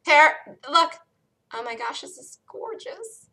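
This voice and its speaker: A woman hosting a live day trading room, excitedly calling trades as they happen, her voice getting worn from talking loud. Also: high voice, takes it slowly. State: losing her voice. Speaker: day trading show host.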